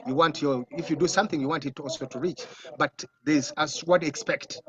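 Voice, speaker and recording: A man with a Ugandan accent, a film director, telling lively stories in an interview and acting out other people's voices. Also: on the high side, fairly quick, a crowd in the background. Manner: animated storytelling, acts out voices, laughs often. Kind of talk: casual interview answers. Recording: dull, muffled audio.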